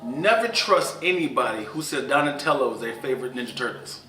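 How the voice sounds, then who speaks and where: A man co-hosting a casual podcast who jokes and fires back quick comebacks. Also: mid-range voice, lively intonation, very noisy. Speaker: podcast co-host. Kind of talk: casual chat. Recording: echoey room, distant mic.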